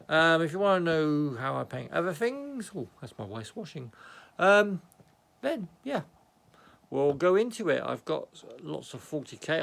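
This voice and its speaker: An excitable British man shows off his miniatures in a home office, his voice slightly high with a gravelly rasp. He rambles cheerfully, pokes fun at himself and drops quiet muttered asides. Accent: British English. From Britain. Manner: chatty, excitable, self-mocking, often mutters aside. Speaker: hobby miniature painter vlogger. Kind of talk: rambling casual show-and-tell.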